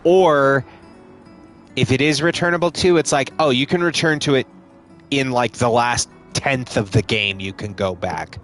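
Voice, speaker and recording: A man's voice: medium pitch, unhurried, a bit bright. A man casually commenting on a game he streams live, joking and swearing, with game music behind.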